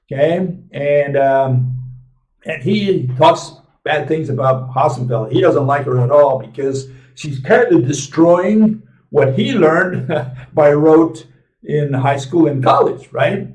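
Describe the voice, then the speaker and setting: A man hosts a casual commentary stream, his talk full of fillers, restarts and tag questions like "right?". His voice sits a bit high for a man. He is heard from some distance off the mic, in a room with a noticeable echo. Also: a little mellow. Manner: rambling, many fillers and restarts, asks "right?" and "okay?" often. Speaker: host of a physics commentary live stream. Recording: roomy echo, speaking from away from the mic.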